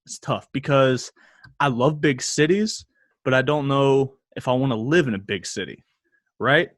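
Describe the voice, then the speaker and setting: A young man co-hosting a casual podcast, talking in a relaxed, thinking-aloud way. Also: medium pitch, normal speed, no room sound, clean studio sound. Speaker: podcast co-host. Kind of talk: casual chat.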